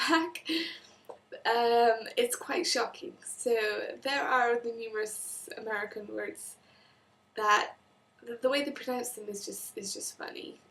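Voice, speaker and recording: A woman's voice: a little high, a bit bright, far from the mic. A young woman from Wales with a Welsh accent, chatting casually in a vlog, acting out little quoted exchanges and often restarting her sentences. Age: young adult. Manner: chatty, talks in quoted asides, many restarts. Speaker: vlogger.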